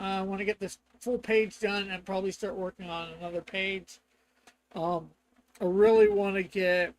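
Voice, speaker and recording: A man's voice: high voice, low-quality recording. A man from Canada, a comic artist chatting casually on a live stream while he colors, rambling and reading the chat aloud with frequent chuckles.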